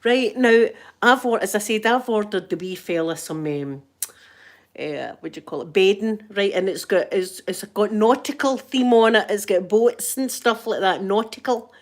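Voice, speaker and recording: A woman's voice: mid-range voice, moderate pace. A woman with a Scottish accent chatting casually and telling funny stories, giggly and self-mocking, full of local slang. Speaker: ASMR channel host. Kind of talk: casual storytelling chat.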